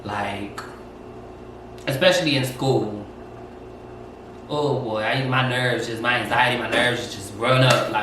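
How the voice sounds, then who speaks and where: Animated man in an echoey kitchen. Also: medium pitch, slow, long pauses, noisy background. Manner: open, animated storytelling with acted-out quotes. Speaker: co-host. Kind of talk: casual chat. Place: home kitchen. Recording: echoey room, mic far off.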